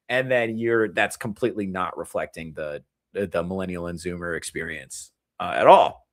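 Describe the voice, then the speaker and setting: A man in his thirties with a lowish voice, talking loosely to his live chat like a comedian on a late-night stream. He rambles, swears freely and drops into quick mock quotes to make his point. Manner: profane, rambling and animated, breaking into mock quotes. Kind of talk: casual rant to a live chat.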